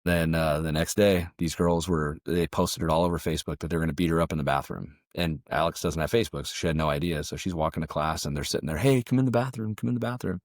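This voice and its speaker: Deep-voiced man telling a story. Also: fast, hardly any pauses, no echo, clean studio sound. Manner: animated storyteller, tags lines with "right?". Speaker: martial arts coach and parent. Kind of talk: storytelling podcast interview.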